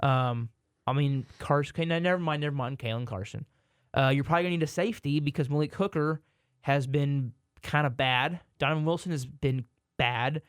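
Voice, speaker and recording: A man's voice: on the high side, a little fast, smooth, no echo, clean studio sound. A man, co-hosting a sports podcast in casual chat, rambling and correcting himself, sometimes exasperated.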